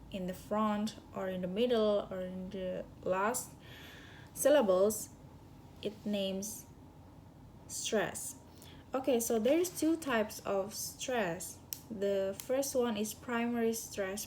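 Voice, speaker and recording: Slow, halting young woman reviewing lessons. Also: fairly high pitch, a little mellow, a little hiss or hum. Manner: halting, searching for words, self-correcting. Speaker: student giving a class review. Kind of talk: spoken course review.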